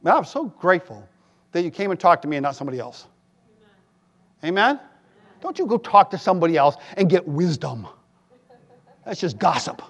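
Animated preaching man, fairly high voice. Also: moderate pace, pauses often. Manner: animated, rises to shouts for quoted voices, self-deprecating asides. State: tired. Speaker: pastor. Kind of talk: sermon.

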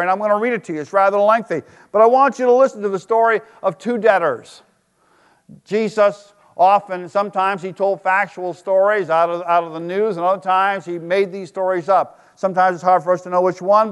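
A preacher with a high, ringing voice tells a story in his sermon, emphatic one moment and hushed the next. His words carry a long reverb that fills a church hall. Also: clean tone. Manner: storytelling, emphatic with sudden drops to a hush. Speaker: pastor.

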